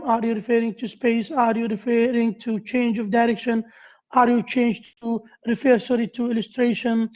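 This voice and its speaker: A woman with an Arabic accent giving a university lecture. She pauses often, repeats key phrases and asks the class questions. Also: a little high. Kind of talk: classroom lecture on essay writing. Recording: dull lo-fi lecture recording.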